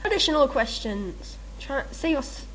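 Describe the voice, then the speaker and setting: Brief: chatty woman with a slightly high voice, rambling and self-mocking. Faint hiss under the voice. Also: big pitch swings, moderate pace, fairly bright tone. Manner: rambling, giggly, self-mocking, lots of fillers. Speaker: video maker answering a meme questionnaire. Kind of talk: casual chat.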